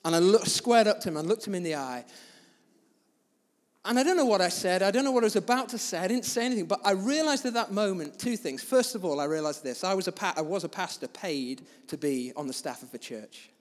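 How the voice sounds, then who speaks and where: A man preaching as a pastor, telling a story in a sermon with big swings between loud and soft. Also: sits high, lively intonation, fairly quick, in a large hall.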